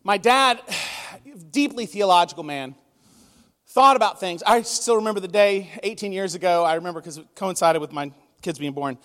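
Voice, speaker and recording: A pastor preaching a conversational sermon, telling stories with emotion. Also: male voice, high-pitched, normal speed, fairly bright tone. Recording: long reverb of a large hall.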